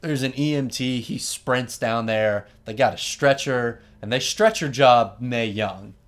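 A man hosting a podcast, telling a story in an animated, wry, casual way and laughing often. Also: medium pitch, unhurried. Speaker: podcast host.

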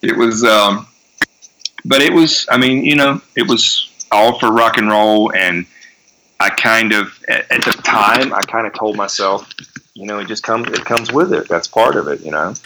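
Middle-aged male guest with a lowish voice, spins lively anecdotes and curses. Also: normal speed, slight background noise, rough recording. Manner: animated storyteller, swears freely, acts out quotes. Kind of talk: casual storytelling interview.

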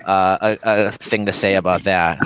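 A man's voice: sits low, steady tone, unhurried, background noise. A man co-hosting a podcast, chiming in with brief, matter-of-fact comments. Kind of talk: casual podcast chat.

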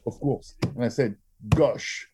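A man with a French accent telling stories in an interview, often pausing with fillers and restarting his sentences. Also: medium pitch, warm tone. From France. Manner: halting, many fillers and restarts. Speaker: drinks brand founder. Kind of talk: interview storytelling.

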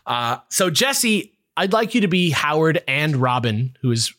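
A man hosting a podcast, telling a story in an animated, casual way with lots of "like". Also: on the high side, unhurried, no echo, clean studio sound. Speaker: podcast host.

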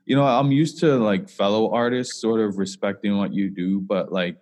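Deep-voiced man hosting a podcast. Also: steady tone, a little mellow. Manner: reflective, halting, many fillers. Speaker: podcast host. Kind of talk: casual podcast interview. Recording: long hall reverb.

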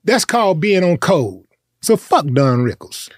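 A man with a notably high speaking voice rants in a blunt, profane, heated manner, hammering his points by repeating them. The sound is dry and close, with no room around it. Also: big pitch swings, a little slow, no echo. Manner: blunt, profane, emphatic ranting with repetition. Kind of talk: heated casual chat.

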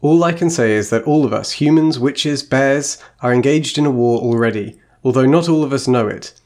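A man's voice: medium pitch, normal speed, darkish tone, natural voice. A man reading a centuries-old witch queen's lines aloud from a novel. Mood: calm, explaining. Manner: plain reading, no put-on accent. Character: ancient calm female witch queen.

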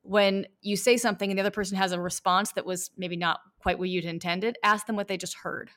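Woman coach guest on a podcast, animated, acts stuff out, medium voice. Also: medium pitch, a little fast. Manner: animated, lively, acts out reactions. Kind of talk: conversational interview.

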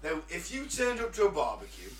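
A man's voice: a little high, huge pitch swings, fairly quick, a bit bright, recorded from a distance. A man hosting a casual comedy podcast, jokey and rambling as he tells stories. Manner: jokey and rambling, with filler restarts. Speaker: podcast host. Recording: echoey room, a bit off-mic.

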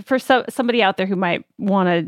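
A woman's voice: medium pitch, moderate pace, no echo, studio quality. A woman co-hosting a podcast, asking light prompting questions in a casual tone. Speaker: podcast co-host.

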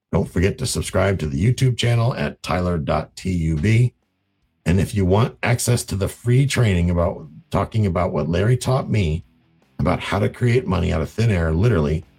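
A man teaching real estate investing in a casual, animated way, acting out conversations in raised voices. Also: sits low, gravelly, husky. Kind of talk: casual teaching talk to camera.

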